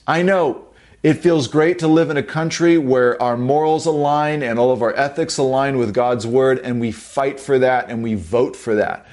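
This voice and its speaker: A man preaching a sermon as pastor, from the United States, emphatic and slowing down to stress key phrases. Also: mid-range voice, darkish tone.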